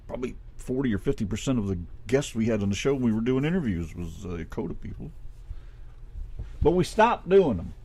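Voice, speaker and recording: Rambling husky Midwestern radio host. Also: male voice, mid-range voice, lively intonation, normal speed, long pauses, warm tone. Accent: American Midwest. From Ohio. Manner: rambling, swears casually. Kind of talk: casual radio chat.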